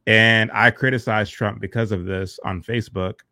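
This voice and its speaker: A man hosting a casual political chat, measured and careful in his phrasing. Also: lowish voice, fairly even intonation, bright, forceful tone, no echo, clean studio sound.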